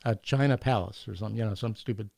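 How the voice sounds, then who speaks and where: A man telling anecdotes in a casual podcast chat, animated and laughing often, acting out the people in his stories. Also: on the low side, quick pace, gravelly, no room sound. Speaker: podcast guest. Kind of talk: casual storytelling.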